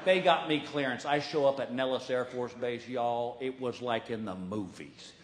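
A man's voice: mid-range voice, moderate pace, noisy background. Folksy man doing stand-up. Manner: folksy storytelling, acting out other people's voices. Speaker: stand-up comedian. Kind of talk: stand-up comedy routine. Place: large hall before a live audience. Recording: roomy live venue sound.

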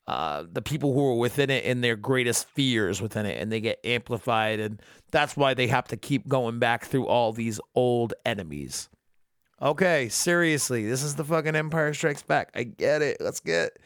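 A man's voice: mid-range voice, fairly bright tone, dry recording, clean studio sound. Sarcastic, swearing young man recapping. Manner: profane, sarcastic, jokey. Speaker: podcast host. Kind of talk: casual solo episode recap.

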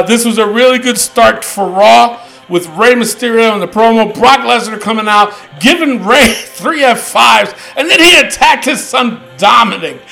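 A man hosting a wrestling podcast, talking loud and ranting with lots of swearing. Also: extremely high pitch, creaky, rough recording. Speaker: podcast host. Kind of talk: casual wrestling podcast chat.

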